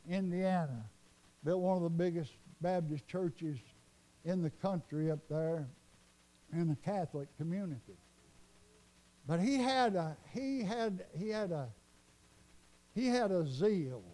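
A man's voice: sits high, warm tone. A man preaching a revival sermon, telling a story fervently and repeating himself as his voice surges up. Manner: fervent, repetitive storytelling with sudden rises.

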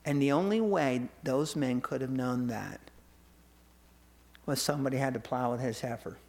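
A male pastor preaching a sermon, telling a Bible story with lively acted-out quotes. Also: mid-range voice, normal speed, vocal fry. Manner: animated storytelling, acts out quoted voices.

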